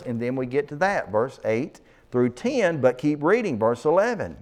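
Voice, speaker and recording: Guy preaching a bible study, mid pitch, reads verses out loud and leans hard into the big lines, stops to explain stuff. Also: big pitch swings, normal speed, hardly any pauses. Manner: reads scripture with rising emphasis, breaks off to explain verses; asks the listeners to turn to passages. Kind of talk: expository sermon with scripture reading.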